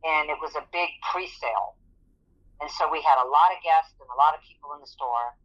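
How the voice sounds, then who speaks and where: A woman's voice: low voice, a little fast, lo-fi sound. A woman giving a personal testimony as an interview guest, telling her story earnestly and vividly. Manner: earnest, vivid storytelling that acts out quoted speech.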